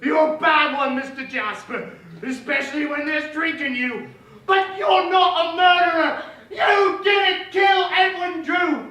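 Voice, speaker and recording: A young man playing a frantic old-fashioned stage witness with shouted, melodramatic lines. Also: very high-pitched, a little slow, voice pushed up, heavily acted. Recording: echoey hall, distant mic, noise.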